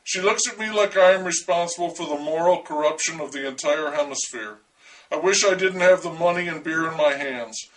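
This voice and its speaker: A man's voice: fairly high pitch, fairly quick, far from the mic, low-quality recording. A man reading a first-person story aloud in a wry, dryly humorous way.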